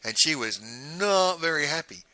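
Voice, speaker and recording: A man's voice: fairly high pitch, expressive, unhurried, pushed and bright, poor audio. A middle-aged man, a business coach giving a blunt recorded teaching monologue and ending his points with "right?".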